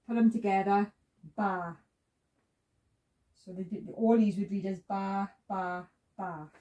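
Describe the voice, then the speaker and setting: A woman's voice: mid-range voice, steady tone, brisk, mellow, far from the mic, poor audio. A woman teaching a beginner's language lesson, patiently walking through each sound step by step. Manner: patient, repeats sounds and steps. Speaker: Hebrew teacher.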